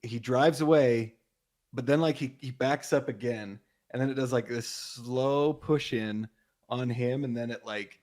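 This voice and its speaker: A man's voice: mid-range voice, unhurried, a little mellow. A man co-hosting a podcast, enthusiastically recapping a film in casual chat, laughing often and agreeing a lot. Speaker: podcast co-host.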